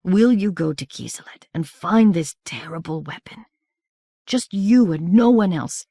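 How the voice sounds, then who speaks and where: A woman reading the lines of a delirious wounded young soldier in an audiobook, speaking softly and at times in a near whisper. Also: lowish voice, animated, a little slow, husky, no room sound, studio quality, pitched above the performer's own voice, heavily acted. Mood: pleading. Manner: soft, murmured, at times whispered.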